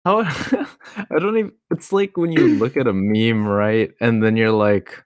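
A woman's voice: rumbling low, a little slow, no room sound, clean studio sound. A woman co-hosting a podcast in casual chat, with slangy, laid-back banter and frequent laughter. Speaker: podcast co-host.

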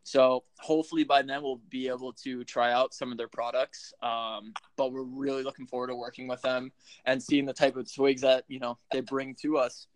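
A man hosting a laid-back podcast, swearing freely and laughing easily as he chats with his co-hosts. His voice is mid-pitched and sits dry and close to the mic. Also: flat delivery, moderate pace, no echo. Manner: loose, profane, laughs often. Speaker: podcast host. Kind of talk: casual podcast chat.

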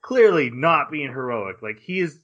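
A man hosts a casual podcast and recaps anime scenes with lively energy, jumping into quick acted-out quotes. His voice is bright and forceful. The recording sounds a little dull and lo-fi. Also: mid-range voice. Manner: animated retelling with quick acted-out quotes of characters. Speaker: podcast host. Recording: slightly dull lo-fi podcast audio.

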